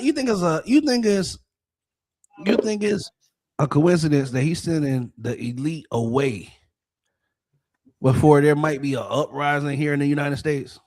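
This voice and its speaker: A podcast co-host with a slightly high voice offers casual political commentary. He's animated and profane, firing off rhetorical questions.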